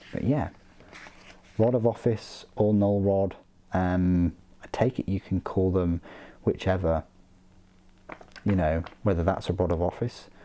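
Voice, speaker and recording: A man's voice: on the low side, mellow. A man hosting a casual hobby unboxing, talking in a chatty, joking way with frequent ums and uhs. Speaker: hobby channel host.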